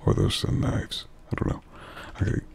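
A man's voice: normal speed, darkish tone. A man giving wry, joking let's play commentary on a game, often muttering asides to himself. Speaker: gamer playing a horror game.

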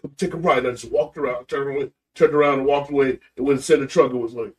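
A man's voice: medium pitch, steady tone, quick pace, darkish tone, far from the mic. A middle-aged man, a guest on a talk show, telling a story with emphasis and acting out every voice in it. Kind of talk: animated storytelling in casual chat. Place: podcast studio.

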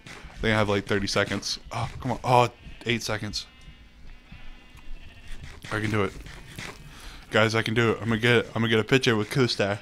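A man giving excitable gameplay commentary, laughing often and swearing. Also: on the low side, fairly quick, pauses often, slight background noise. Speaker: gamer.

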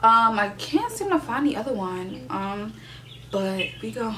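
A woman's voice: fairly high pitch, big pitch swings, unhurried, noisy background. A young woman doing a casual makeup tutorial, sassy and playfully profane, hyping herself up as she works. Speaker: beauty vlogger.

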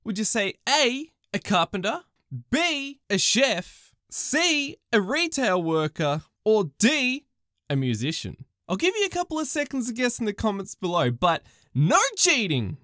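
A woman with an Australian accent narrating retail stories in an exaggerated, sarcastic, expressive way. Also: fairly high pitch, measured pace, no echo, studio quality. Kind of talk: animated story-time narration.

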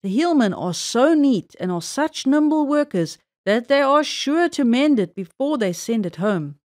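A woman's voice: sits high, lively intonation, unhurried, a little mellow, no echo, studio quality. A woman voicing a stingy, bargain-loving housewife who talks in a fussy, scolding way in a children's storybook reading. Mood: scheming.

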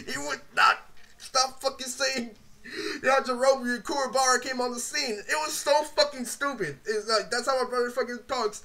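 A young man with a high, piercingly bright voice rants through a casual vlog. He rambles and swears constantly and leans on filler words. His storytelling is animated and loose. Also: normal speed. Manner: animated, breaks into laughter and quoted impressions. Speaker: vlogger. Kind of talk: casual profane storytelling rant.

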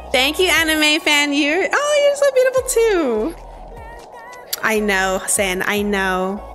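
Bubbly woman gaming host, high-pitched, chatty with her viewers, gasps at the action. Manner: bubbly, greets and thanks chat nonstop, excited gasps. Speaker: live-stream gamer host. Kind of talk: casual live-stream chat while gaming.

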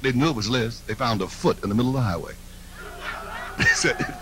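A stand-up comedian performs live on a comedy stage, his medium-pitched voice expressive and quick, with noise in the background. His routine is brash and mocking, and he leans in with confidential asides to the audience.

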